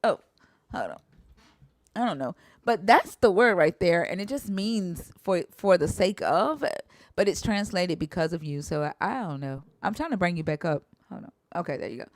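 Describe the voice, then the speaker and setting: A young woman hosts a casual podcast chat about Hebrew translation, speaking in a lowish voice with lively intonation at a moderate pace. She's hesitant, trailing off as she sounds out words and swearing now and then. The studio-quality recording has no echo.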